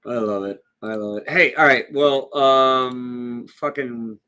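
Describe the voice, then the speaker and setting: A man's voice: medium pitch, fairly even intonation, slow pace, sharp tone, clear, resonant tone. A man co-hosting a casual livestream chat, laughing often and swearing casually. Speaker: co-host.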